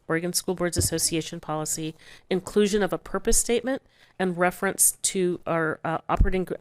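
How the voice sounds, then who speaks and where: A woman serving as school board vice chair, reading a list of policy revisions quickly with small restarts. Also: fairly low pitch, clear, resonant tone.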